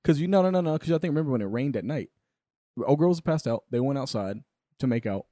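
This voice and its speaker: A man's voice: mid-range voice, animated, fast, dark tone, no echo, clean studio sound. A man co-hosting a casual comedy podcast, rambling and laughing often as he jokes. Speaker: podcast co-host.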